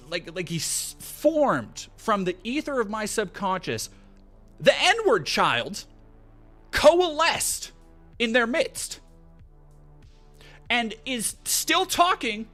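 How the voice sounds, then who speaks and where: A young man tells a long story on his stream, swearing freely and rambling as he goes. His voice sits a little high and bright, and it swings widely in pitch. Soft music plays behind him. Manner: rambling, profane, animated. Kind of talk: casual storytelling on a livestream.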